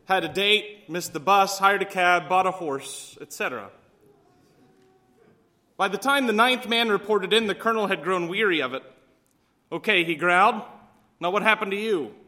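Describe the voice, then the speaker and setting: A man's voice: high-pitched, normal speed, pushed and bright. A male pastor preaching a sermon, telling stories and voicing the people in them. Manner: storytelling with voiced quotes.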